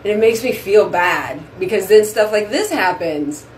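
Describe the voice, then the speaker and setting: Woman vlog host, chatty and effusive, everyday mid pitch, faint hiss behind. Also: lively intonation, normal speed, rough recording. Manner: chatty and effusive, says "y'all". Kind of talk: casual chat to camera. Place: at a bathroom sink at home.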